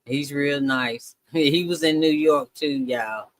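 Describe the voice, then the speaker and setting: A man's voice: fairly high pitch, slow, dry recording. A man chatting casually to his viewers during a live reaction stream, talking to them as "y'all".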